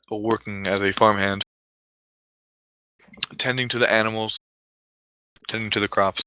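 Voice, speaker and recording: Bright-voiced man telling a mock-epic tale. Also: lowish voice, clear, resonant tone, dry recording, poor audio. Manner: rambling mock-solemn narration with self-corrections. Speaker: storyteller. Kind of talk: mock-epic comedic storytelling.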